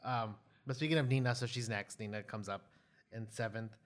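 A man co-hosting a casual reality-show recap podcast, relaxed and hedging with ums. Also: lowish voice, fairly quick. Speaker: podcast co-host. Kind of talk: casual chat.

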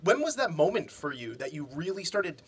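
A man's voice: on the high side, sing-song, moderate pace, husky. A man hosting a casual interview, asking questions and reacting encouragingly to his guest. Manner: encouraging, short reactions, laughs often.

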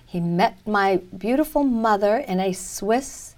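A woman reporter and writer, a guest in an interview, telling a personal story with lively emphasis. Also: mid-range voice, unhurried.

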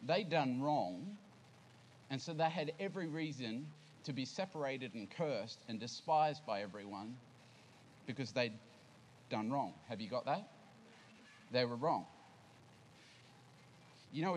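A man's voice: medium pitch, expressive, a little slow, long pauses, slight background noise, rough recording. A man preaching a sermon to his congregation, speaking casually and putting questions to the listeners. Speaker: pastor. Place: church service.

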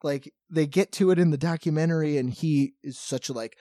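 A man's voice: mid-range voice, quick pace, hardly any pauses, dry recording, clean studio sound. A man co-hosting a podcast, telling a long story in casual chat with lots of fillers. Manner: rambling, animated storytelling with many fillers. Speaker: podcast co-host.

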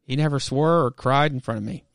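A man's voice: medium pitch, fairly quick, vocal fry, no echo, close to an everyday voice. Withdrawn teen boy, terse and subdued, dry sound; a man reads him. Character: quiet withdrawn teenage boy.

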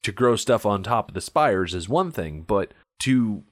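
Low-voiced man explaining casually, dry sound. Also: lively intonation, unhurried, no echo. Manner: explanatory, reads aloud at times. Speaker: podcast co-host. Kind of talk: casual film discussion.

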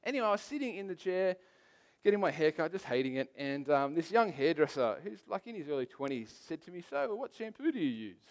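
A pastor delivers his sermon in a high-pitched voice for a man. He talks to the room like a storyteller, mixing scripture with personal anecdotes, and hammers key phrases by repeating them. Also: animated, fast. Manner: emphatic repetition.

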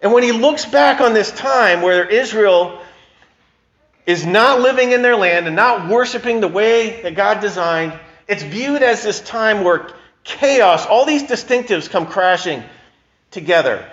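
A man's voice: high voice, expressive, unhurried, a bit bright, highs cut off. A male pastor giving a sermon in a conversational, emphatic way, often restarting his sentences.

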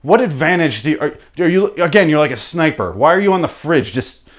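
A man riffing through an unscripted comic monologue, profane and animated, with sudden loud bursts. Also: a little high, fairly quick. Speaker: comedian host.

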